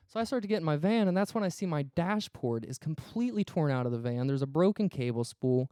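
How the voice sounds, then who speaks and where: A man's voice: on the high side, expressive, quick pace, hardly any pauses, dark tone, clear, resonant tone, dry recording, clean studio sound. A man co-hosting a podcast, telling a story in a casual, profane way and acting out the quoted dialogue. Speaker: podcast co-host.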